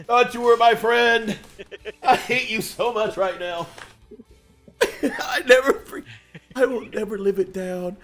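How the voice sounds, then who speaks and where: A man hosting a casual livestream, bantering loudly and laughing as he teases his guests. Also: sits high. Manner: loud, laughing, teasing. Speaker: host.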